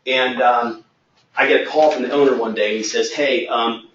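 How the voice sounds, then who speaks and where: A man's voice: medium pitch, steady tone, a little fast, fairly bright tone, highs cut off, a little hiss or hum. Man telling a workplace story, echoey and distant. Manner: anecdotal, acts out quoted dialogue. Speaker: sales trainer. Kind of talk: storytelling training webinar.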